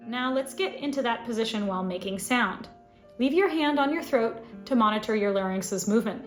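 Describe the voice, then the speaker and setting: A woman voice teacher giving a scripted singing lesson, explaining clearly and now and then demonstrating sounds. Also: on the high side, lively intonation, brisk, roomy sound, soft background music. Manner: clear instructive delivery with sung demonstrations.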